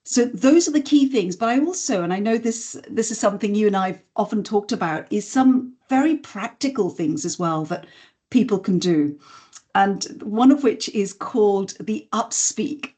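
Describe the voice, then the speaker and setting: A woman, a voice and communication skills trainer, explaining communication habits in a podcast interview in a measured, instructive way. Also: mid-range voice, animated, warm tone. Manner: measured, instructive, demonstrates intonation examples.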